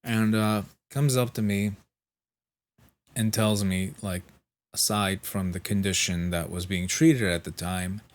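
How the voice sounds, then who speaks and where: A man's voice: on the low side, steady tone, a little slow. A sleep-deprived man vlogging, telling a rambling story in casual chat, swearing freely and restarting his sentences.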